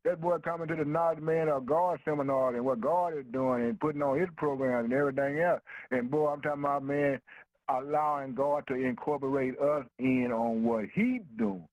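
A man's voice: medium pitch, normal speed, a little mellow, no room sound, dull audio. A man preaching a sermon in a rhythmic, emphatic way, asking himself "what?" and answering, and dropping "man" and "boy" between phrases in informal dialect. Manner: informal dialect speech with "ain't no".

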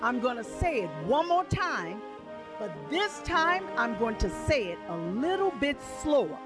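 A woman's voice: a little high, big pitch swings, measured pace, over music. A woman hosting a radio ad, talking in an emphatic, insistent way and repeating a phone number. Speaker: radio ad host. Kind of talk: direct-response radio ad.

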